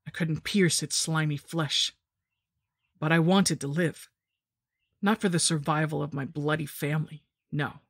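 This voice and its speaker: A woman reading a first-person horror story in a steady, measured narration. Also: deep voice, breathy edge, no room sound, studio quality.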